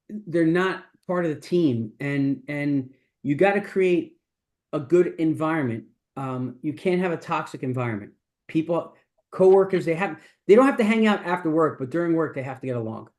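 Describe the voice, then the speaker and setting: Emphatic rambling man, higher voice. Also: darkish tone. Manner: rambling, emphatic, with many restarts. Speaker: mentor and coach of a business mastermind. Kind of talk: casual business masterclass talk.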